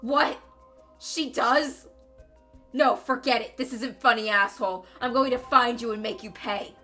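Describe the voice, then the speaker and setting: A woman voicing a tough male detective from a game, curt and gruff with dry sarcasm. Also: a little high, measured pace, sharp tone, faint music behind. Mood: defiant. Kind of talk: reading a game aloud with voices.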